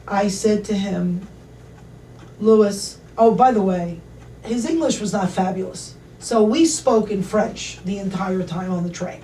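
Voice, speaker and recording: A woman telling a travel anecdote to an audience in a lively, chatty way. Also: medium pitch, a little slow, far from the mic, a little hiss or hum. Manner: animated, chatty anecdotal storytelling. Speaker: travel expert speaker. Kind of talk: casual storytelling to an audience. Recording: echoey room, voice from off mic, faint ambience.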